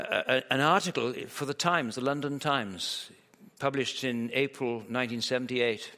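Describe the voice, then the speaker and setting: Preacher with hall echo. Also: male voice, on the high side, a bit bright. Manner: vivid storytelling with emphatic rhetorical questions. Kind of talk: sermon. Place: large hall at a church camp. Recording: long hall reverb.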